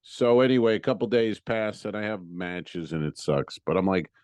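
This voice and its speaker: A comedian in casual podcast talk, his voice low and recorded dry and close. He tells stories in an exasperated, profane way and acts out the people in them. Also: lively intonation, normal speed, darkish tone, dry recording. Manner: profane, exasperated storytelling with acted-out quotes. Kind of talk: casual storytelling chat.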